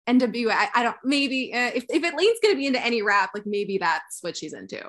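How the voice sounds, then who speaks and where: A woman's voice: fairly high pitch, sing-song, fast, a bit bright. A young woman co-hosting a casual podcast chat, rambling and restarting her sentences, often laughing. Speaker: podcast co-host.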